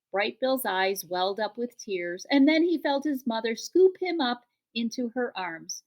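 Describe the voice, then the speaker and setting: Lady reading a kids book out loud, super animated voice, expressive. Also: on the high side, unhurried, few pauses. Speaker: audiobook reader. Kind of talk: storybook narration.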